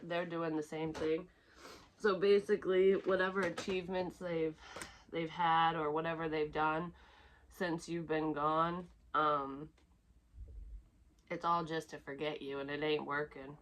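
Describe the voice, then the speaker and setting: A woman's voice: deep voice, flat delivery, measured pace, low-quality recording. A woman giving a psychic reading to her viewers in a casual, rambling flow, candid and full of swearing. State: close to tears at times. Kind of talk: casual intuitive reading to camera.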